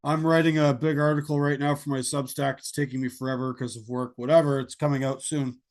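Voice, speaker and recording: A man's voice: medium pitch, flat delivery, a little fast. A man from Canada hosting a podcast interview, blunt and opinionated as he talks. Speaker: podcast host. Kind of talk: conversational interview.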